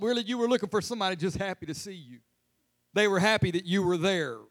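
A man's voice: high-pitched, a bit bright. A man preaching a humorous, conversational sermon as pastor in a church. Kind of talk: lively sermon. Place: church sanctuary.

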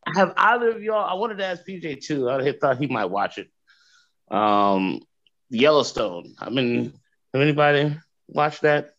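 A man's voice: fairly high pitch, expressive, normal speed, fairly bright tone, dull audio. A man in a casual podcast chat, speaking hesitantly with many ums and restarts.

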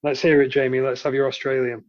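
A man's voice: medium pitch, level tone, fast. Teasing man with dull sound. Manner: teasing, rambling. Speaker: podcast co-host. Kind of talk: casual chat.

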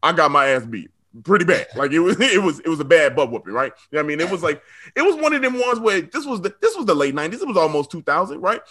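Male storyteller, 30s; high, bright voice, animated and laughing. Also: quick pace. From South Side of Chicago. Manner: animated, laughing often, slangy asides to the audience. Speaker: storyteller on a comedy show. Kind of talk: comic storytelling.

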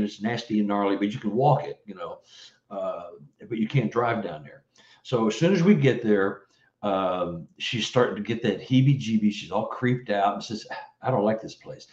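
A man from Texas telling a story as an interview guest, animated and full of "you know" fillers. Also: fairly low pitch. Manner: animated, acts out quoted voices, many "you know" fillers. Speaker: guest investigator. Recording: roomy, slightly dull audio.

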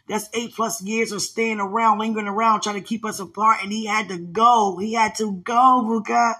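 A woman's voice: mid-range voice, pushed and bright, breathy edge. A woman sharing a religious testimony in a fervent, rambling way, with many restarts and fillers. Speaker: speaker sharing a spiritual testimony.

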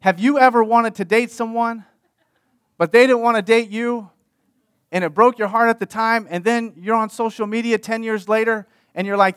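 A man's voice: very high-pitched, steady tone, normal speed, a bit bright, smooth, no room sound, studio quality. A man preaching a sermon in a conversational way, repeating key phrases for emphasis. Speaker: pastor.

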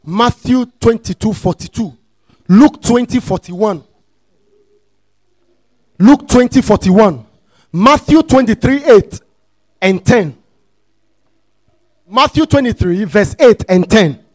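Male pastor, very high and lively voice, slow deliberate teaching, dry close sound, repeats himself and checks on listeners. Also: no room sound. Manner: repeats phrases, checks listeners are following; rises into shouted, sing-song emphasis. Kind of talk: sermon teaching.

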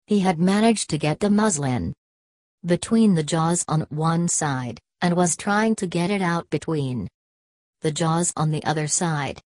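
Woman reading an audiobook, low voice, dry close sound, steady. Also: a little slow, no room sound. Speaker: audiobook narrator. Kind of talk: scripted narration.

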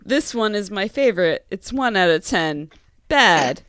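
A woman's voice: medium pitch, lively intonation, unhurried, fairly bright tone, clear, resonant tone, no room sound, clean studio sound. A woman co-hosting a casual podcast, reading reviews aloud with a giggle. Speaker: podcast co-host.

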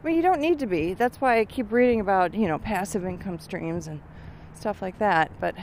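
A woman's voice: mid-range voice, expressive, brisk, darkish tone, a little hiss or hum. A middle-aged woman thinking aloud with many fillers while on a walk outdoors, a little out of breath. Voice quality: weak lungs from years of smoking. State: out of breath from walking uphill. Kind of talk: casual walking vlog monologue.

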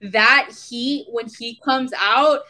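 A woman's voice: fairly high pitch, slow, sharp tone. A woman chatting casually and enthusiastically on a podcast, using slang like "bro".

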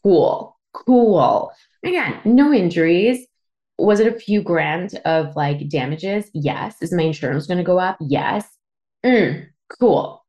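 Woman, 30s, from Canada, podcast host, lower voice, raw candid storytelling with swearing and fillers. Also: animated, unhurried, a little mellow. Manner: emotional, swearing, lots of fillers. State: tearful at times.

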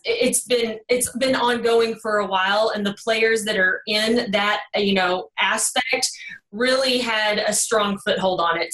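A woman's voice: fairly high pitch, fairly bright tone, reverberant, distant mic, low-quality recording. A woman in her thirties with a Texas twang, chatting as a podcast guest with lots of fillers. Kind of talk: podcast interview.

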